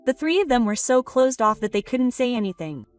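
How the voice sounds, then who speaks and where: A woman narrating a story in a plain, even reading voice. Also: on the high side, fairly quick. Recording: distant voice over soft background music.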